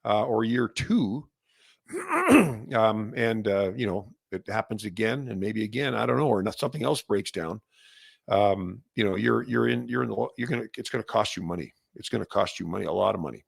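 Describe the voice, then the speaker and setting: A man from Canada with a Canadian accent, hosting a casual solo industry update, rambling with restarts and growing animated when fired up. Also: fairly low pitch, normal speed, vocal fry, slightly rough, no room sound, clean studio sound. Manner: rambling, many restarts and fillers. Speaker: host.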